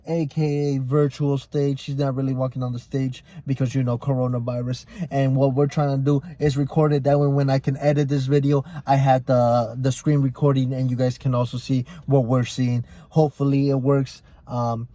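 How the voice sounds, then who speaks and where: A man's voice: mid-range voice, flat delivery, normal speed, hardly any pauses, mellow, no room sound. A young man hosting a casual podcast, talking loosely and profanely and often repeating himself. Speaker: podcast host.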